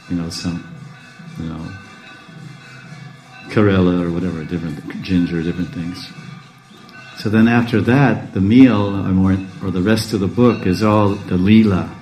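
A man teaching a scripture class, rambling with restarts, self-interruptions and chuckles, in a speaking style he calls a monotone. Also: low voice, low-quality recording. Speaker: spiritual teacher.

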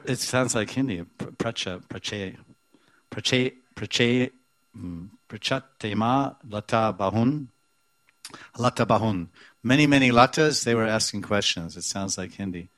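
A man's voice: lowish voice, a bit bright, no room sound. A man giving a devotional scripture class who repeats words and chants verses, then explains them. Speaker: spiritual teacher.

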